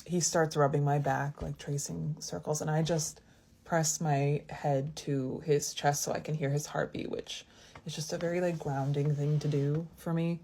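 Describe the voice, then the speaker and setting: Thirties woman rambling thru a storytime, low voice, lots of "like". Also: little pitch movement, normal speed, warm tone. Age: 30s. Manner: rambling and confiding, many restarts and "like". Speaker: vlogger. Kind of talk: casual storytime.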